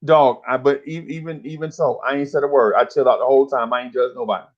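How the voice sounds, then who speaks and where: Heard through dull audio, a 50-something man with a medium-pitched voice hosts a laid-back podcast at a quick pace. He tells lively stories full of slang, putting on voices as he goes.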